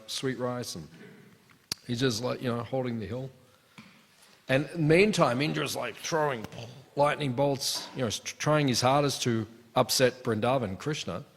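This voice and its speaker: A man's voice: mid-range voice, vocal fry. A man giving a devotional scripture class, telling stories conversationally and acting out the characters' lines. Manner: storytelling with acted asides, conversational. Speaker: class speaker. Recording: long hall reverb.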